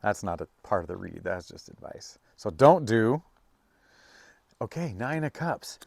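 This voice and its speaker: A man giving a casual, rambling tarot reading, full of fillers and restarts, now and then breaking into high, playful bursts. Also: sing-song, measured pace, vocal fry, darkish tone, dry recording. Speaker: tarot reader.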